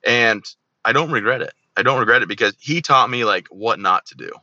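A man's voice: mid-range voice, a little fast, no room sound, muffled recording. A man in his thirties, an army veteran guest telling stories in a casual interview, joking and acting out the people he quotes. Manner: joking, animated storyteller who acts out quoted dialogue.

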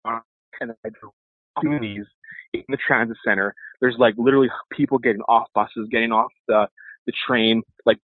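A man, an evangelist guest, telling a lively testimony story and acting out the voices of the people in it. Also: medium pitch, breathy edge, no room sound. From Canada. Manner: animated storyteller, acts out voices. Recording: tinny phone-like line.

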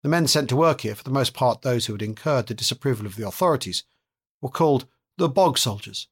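A man narrating a novel as an audiobook reading, with measured, steady delivery. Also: medium pitch, husky.

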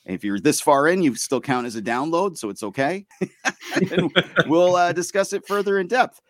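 A man hosting a casual podcast, jokey and quick, laughing often as he talks. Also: a little high, lively intonation. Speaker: podcast host. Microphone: remote recording over a streaming tool.

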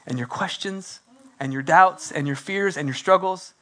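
Pastor guy with a pretty high voice, preaching and praying, really animated, does little voices for the quotes. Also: normal speed. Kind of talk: sermon with prayer.

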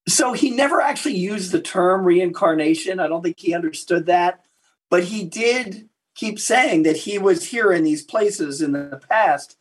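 A man being interviewed as a historian, telling lively anecdotes and acting out the quotes in his stories. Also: high voice, a little slow, slightly rough. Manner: animated anecdote teller who acts out quotes. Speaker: guest historian and author. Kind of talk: interview storytelling.

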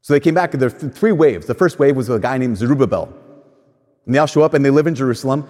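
A man's voice: medium pitch, animated, fast, darkish tone. A man giving a casual, conversational sermon, telling stories and acting out what people said. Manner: conversational storytelling, acts out quoted voices. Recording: long church reverb.

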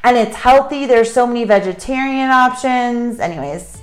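A woman's voice: fairly high pitch, expressive, normal speed, soft background music. A woman co-hosting a podcast in casual chat, talkative and openly emotional, recorded in Cusco, Peru. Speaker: podcast co-host and hiking trip leader.

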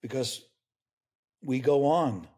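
A man's voice: medium pitch, slow pace, a little mellow, slightly rough. An older man, a grief expert guest, speaking earnestly and tearfully in an interview. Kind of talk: emotional interview conversation.

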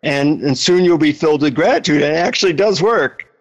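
A man who coaches people on relationships talks as an interview guest. He tells stories in a friendly, lively way. His voice sits a little high. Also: brisk, highs cut off. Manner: friendly, animated storyteller.

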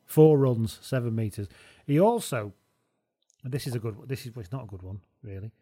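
A man's voice: medium pitch, fairly quick, mellow, no room sound, clean studio sound. A man co-hosting a casual rugby podcast, wry and chatty, reading out match stats. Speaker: podcast co-host. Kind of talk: casual sports chat.

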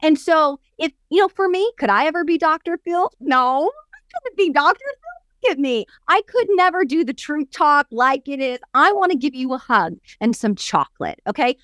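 In clean, dry studio sound, this woman's high-sitting voice moves at a moderate pace with few pauses. Co-hosting a coaching podcast, she chats animatedly through a story, expressive throughout, performing the voices she quotes and hammering out lists with emphasis.

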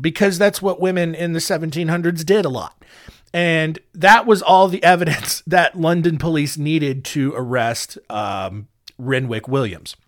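Casting: a male podcast host with a fairly high voice who cracks jokes and rambles as he tells history. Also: a little slow. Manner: joking, rambling asides with many ums. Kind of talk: comedic history storytelling.

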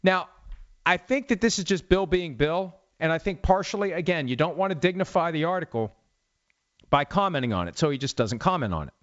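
A man talking sports on his own show, voice sitting a little high and swinging lively up and down as he mocks and questions. The sound is close and dry, slightly dull and lo-fi from a studio mic. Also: a little fast, no echo. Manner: sarcastic, animated, rhetorical questions. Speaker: sports talk host. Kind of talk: solo talk commentary. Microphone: studio mic with cough button.

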